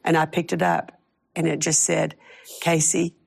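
Gravelly, husky-voiced middle-aged woman. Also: sits low, flat delivery, moderate pace. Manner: heartfelt, tearful storytelling. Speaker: guest author. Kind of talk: personal testimony on a talk show.

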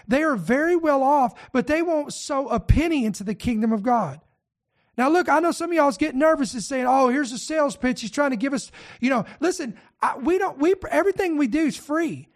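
A man preaching a sermon in an emphatic, repetitive style, often restarting his phrases. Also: very high-pitched.

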